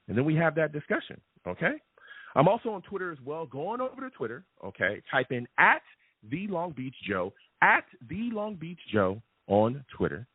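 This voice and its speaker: A man hosts a live sports call-in show, talking in an animated, chatty way and tagging his points with "okay?" His voice is a little husky and swings up and down a lot. The sound is thin and tinny like a phone line, and very dry. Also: fairly high pitch, moderate pace, no room sound. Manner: animated and chatty, repeats "okay?" and "all right?" often. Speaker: sports podcast host.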